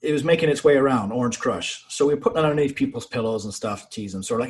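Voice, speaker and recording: Man swearing through animated war stories. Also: mid-range voice, fast. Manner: profane, animated anecdotes with quoted voices. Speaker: podcast guest, navy sailor. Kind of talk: casual storytelling.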